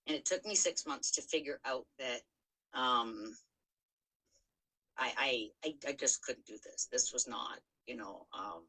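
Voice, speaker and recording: Low, bright-voiced woman telling it straight. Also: expressive, measured pace, breathy edge, poor audio. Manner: frank, swears freely, many fillers and restarts. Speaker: podcast co-host. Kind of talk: candid personal storytelling.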